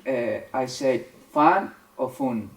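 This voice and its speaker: A man speaking as a student in class, hesitant and halting, with many fillers. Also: mid-range voice. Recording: echoey room, voice from a distance.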